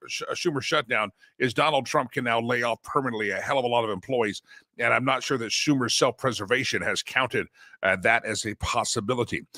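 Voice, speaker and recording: A man's voice: medium pitch, bright, forceful tone, dry recording. A middle-aged American man hosting a political commentary show, talking in a mocking, rambling way with chuckling asides. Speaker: host.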